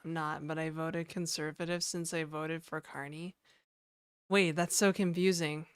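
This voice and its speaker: A woman's voice: sits low, flat delivery, measured pace, smooth, no echo, clean studio sound. A woman livestreaming from home, casually chatting and reading her chat aloud with easy laughs. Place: home in Toronto.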